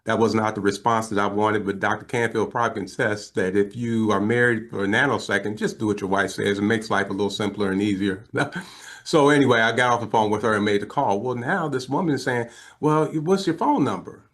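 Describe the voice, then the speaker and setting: A man in his fifties speaks as an interview guest, telling a personal story in a fairly low voice. He is animated and earnest, and he slips into quoted voices as he goes. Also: quick pace. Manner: emotional, earnest.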